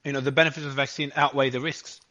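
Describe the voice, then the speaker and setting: A man's voice: mid-range voice, level tone, very fast, bright, forceful tone, highs cut off. A man questioning a speaker in a live debate, pressing and repeating his questions. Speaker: debate participant.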